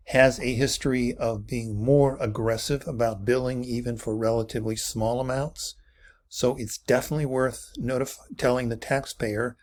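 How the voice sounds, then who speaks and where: A man walking through a tax preparation case in a recorded training video, explaining step by step in a methodical way and correcting himself now and then. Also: mid-range voice.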